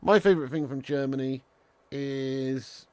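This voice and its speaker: A man's voice: mid-range voice, measured pace, a little mellow. A man hosting a live football watch-along, casual and chatty, swearing freely and calling viewers lad as he reads the chat. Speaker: streamer and watch-along host.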